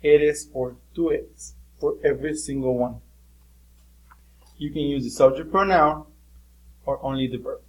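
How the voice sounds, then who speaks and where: Guy teaching class, patient, some uhs, middle pitch. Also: measured pace, long pauses, poor audio. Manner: explains patiently with fillers, switching between English and Spanish. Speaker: Spanish teacher. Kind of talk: recorded classroom lesson.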